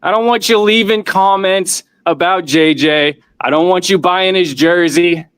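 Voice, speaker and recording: A male caller vents to a sports talk show with an emphatic, fired-up rant, hammering the same points again and again. His voice sits a little high, and the sound is dry and close. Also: measured pace, a bit bright, clear, resonant tone, dry recording. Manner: fired-up, emphatic, repeats himself. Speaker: fan caller. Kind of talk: heated call-in rant.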